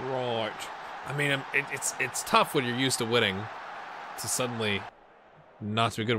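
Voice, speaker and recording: A gaming channel host with a mid-range voice chats casually over some background noise while playing a football management game. He hosts the let's-play in a self-mocking way, joking to himself and muttering asides.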